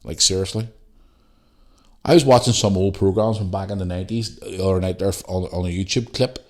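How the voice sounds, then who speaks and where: Low-pitched and brisk, this Northern Irish podcast host goes solo, delivering a blunt rant peppered with swearing.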